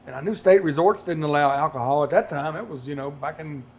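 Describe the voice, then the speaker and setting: An older man with a Kentucky Southern accent tells stories on a panel, throwing himself into the quotes. His voice sits a little high for a man. A faint hiss runs under it. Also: fast talker. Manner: animated anecdotes with acted-out quotes and laughter. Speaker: master distiller panelist. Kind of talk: storytelling on a panel.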